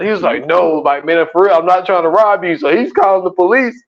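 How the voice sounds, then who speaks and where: His voice runs a little high and a little fast, with few pauses, over lo-fi sound. He's a co-host on a casual movie-review podcast who tells stories animatedly, acting out scenes and laughing a lot.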